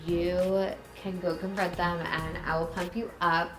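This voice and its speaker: Woman playing young boyfriend, hype-man pep talk, slightly low and soft. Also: level tone, a little slow, echoey room, over music, low-quality recording. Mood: hyping. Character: doting young boyfriend hyping his partner.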